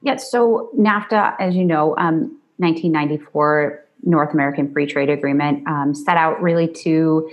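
A woman compliance attorney answering interview questions in a measured way, pausing often with "um". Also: low voice, lo-fi sound. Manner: measured, many "um" pauses.

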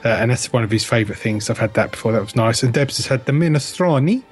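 Fast-talking man in casual chat. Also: medium pitch, lively intonation. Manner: quick, reminiscing.

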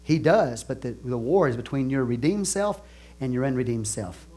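A man preaching a sermon as pastor, animated, swinging between soft asides and loud exclamations, stretching key phrases slowly. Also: medium pitch, breathy edge. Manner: laughs and asks the congregation questions.

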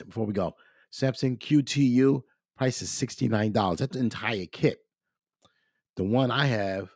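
A congested man hosts a podcast in a casual, chatty way, clearing his throat now and then. His voice sits low. It is recorded close and dry on a studio microphone. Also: dry recording. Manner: addresses listeners as "ladies and gentlemen". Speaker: podcast host. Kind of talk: casual gear talk.

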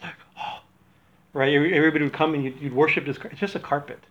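A man's voice: a little high, steady tone, very fast, a bit bright. A man teaching an informal religious talk, rambling with many restarts and a habit of asking "right?". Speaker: spiritual teacher. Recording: dull lo-fi recording.

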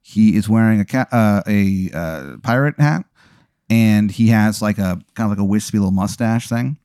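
Low-voiced man spinning a rambling comedy tale. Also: normal speed, warm tone, no echo, clean studio sound. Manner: rambling, lots of fillers and restarts. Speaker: podcast host. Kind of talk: improvised comedic storytelling.

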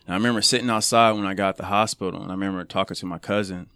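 A man on a podcast telling a personal story in an earnest, casual way, growing animated when he acts out what people said. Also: deep voice, racing, no room sound. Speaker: podcast guest.

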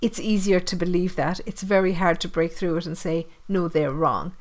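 A woman with a Tipperary Irish accent who hosts a podcast and chats casually and warmly with her guest. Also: on the low side, steady tone, normal speed. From Ireland. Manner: chatty and friendly, frequent fillers. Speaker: podcast host. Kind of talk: casual interview chat.

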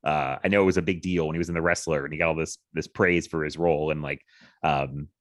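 A man's voice: extremely low pitch, fairly even intonation, fast talker, dry recording, clean studio sound. A man co-hosting a film podcast, rambling casually with many fillers and frequent laughs. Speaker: podcast co-host.

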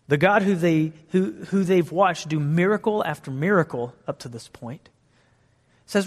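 A man with a fairly high voice preaching in a lively, conversational style, often turning to his listeners with questions. His words carry a long echo, as if spoken in a big hall. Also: normal speed. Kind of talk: sermon.

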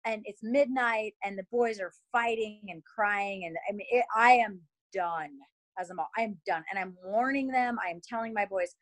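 A woman's voice: mid-range voice, moderate pace, rough recording. A woman in her thirties speaks straight to her viewers in a candid, confessional way. Her voice sits in a middle range, and she tells her story with chatty fillers and open emotion. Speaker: mother sharing a personal faith story.

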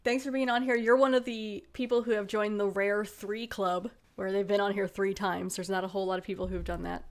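A woman's voice: mid-range voice, steady tone, a little fast. A woman hosting a casual podcast, playful and laughing often as she reads out credits. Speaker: podcast host.

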